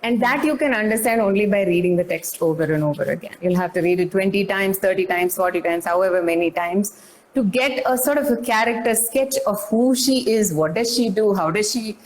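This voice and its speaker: Animated woman explaining. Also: mid-range voice, brisk, slight background noise, rough recording. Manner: animated, acts out lines, many fillers and restarts. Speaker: guest dance artist explaining song lyrics. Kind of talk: conversational explanation in an interview.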